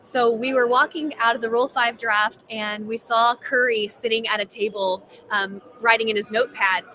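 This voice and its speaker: A high, bright-voiced woman with a Texan accent chats on a live baseball stream. She tells stories in a lively, animated way and acts out everyone she quotes. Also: normal speed, poor audio. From Texas. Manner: lively storyteller who acts out every voice in her story. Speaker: co-host. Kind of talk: casual chat, live sports stream. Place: at a baseball convention.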